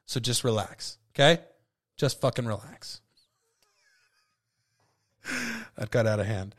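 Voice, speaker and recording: A tipsy man with a lowish voice hosts a solo podcast, speaking slowly as he rambles loosely, swears, and keeps cutting himself off.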